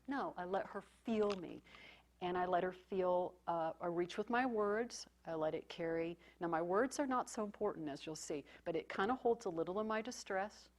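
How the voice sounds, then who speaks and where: A woman's voice: on the low side, moderate pace. A woman therapist giving a conference talk, speaking in an intimate, reflective way that often drops to a near-whisper. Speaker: psychotherapist presenting case material.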